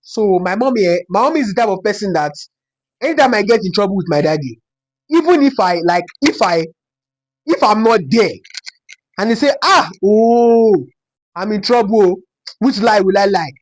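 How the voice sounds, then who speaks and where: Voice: medium pitch, animated, a little fast. A young adult from Nigeria with a Yoruba-inflected Nigerian accent, telling a personal story in a casual, dramatic way and repeating phrases for effect. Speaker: storytime vlogger.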